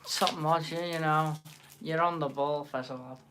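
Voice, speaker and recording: A man's voice: on the high side, steady tone, normal speed, background noise. A man with a Liverpool accent hosting a live stream, chatting and bantering casually with viewers in the chat. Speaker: livestream host.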